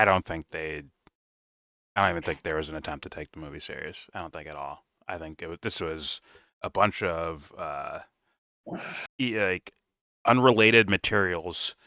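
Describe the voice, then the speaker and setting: A young man with a low, deep voice trades casual, profane banter, laughing and mocking as he acts out silly quotes. The sound is dry and close, with no room around it. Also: measured pace, sharp tone, dry recording. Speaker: co-host reacting to reviews.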